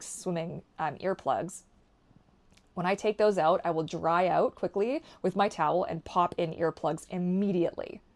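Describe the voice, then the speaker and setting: A young woman from Canada talking candidly to camera in a rambling vlog, swinging from quiet asides to loud ranting and swearing. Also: on the low side. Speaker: vlogger.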